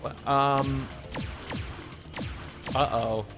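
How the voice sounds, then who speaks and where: A man's voice: mid-range voice, steady tone, drawn-out words. A man giving casual, rambling commentary over a video game he is playing, sarcastic and swearing when annoyed. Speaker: let's play streamer. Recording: faint game music behind.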